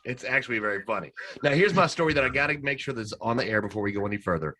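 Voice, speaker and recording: A man co-hosting a podcast, telling stories in a casual, animated way and laughing as he goes. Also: medium pitch, rapid-fire, heavy background noise. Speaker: podcast co-host. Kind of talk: casual storytelling chat.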